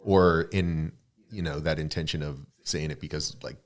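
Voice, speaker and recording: A man's voice: extremely low pitch, fairly even intonation, normal speed. A man who is a podcast guest in casual chat, reflective, raising questions and hedging his points.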